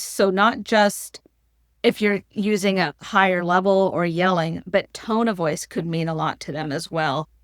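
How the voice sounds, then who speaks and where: A woman guest explains workplace leadership in a calm, practical way. Her pitch sits at an ordinary middle level. The recording is dry and close, with no room sound. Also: no room sound. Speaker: podcast guest, leadership expert. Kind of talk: advice-giving interview talk.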